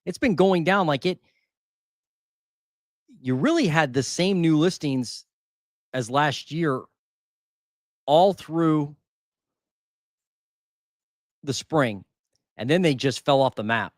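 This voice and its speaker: Speaking slowly with long pauses, a man with a fairly high, expressive voice reads market figures on his housing market channel. The recording is dry and studio-clean. His talk is casual live commentary on the data, full of thinking aloud and repeated numbers.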